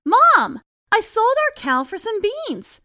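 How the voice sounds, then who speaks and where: A woman voicing an eager, polite young village boy in a storybook reading, talking in an excited way. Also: very high-pitched, slow, dry recording, studio quality, pitched above the performer's own voice, heavily acted.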